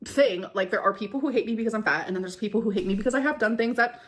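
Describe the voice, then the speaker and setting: A woman's voice: a little high, racing. A woman co-hosting a reaction stream, chatting casually in a bubbly, rambling way. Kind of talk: casual chat.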